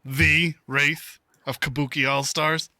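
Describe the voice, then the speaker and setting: A hostile guard barks out from behind a barricade, put on by a game master. He is gruff and blunt and swears freely, and he speaks slowly in a bright, dry, close voice. It is a tabletop game scene. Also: fairly high pitch, flat delivery, no echo, heavily acted.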